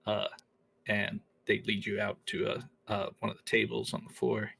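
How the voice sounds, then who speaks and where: Gravelly, husky male game master. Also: fairly low pitch. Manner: relaxed, halting narration with many fillers. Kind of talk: narrating a tabletop game.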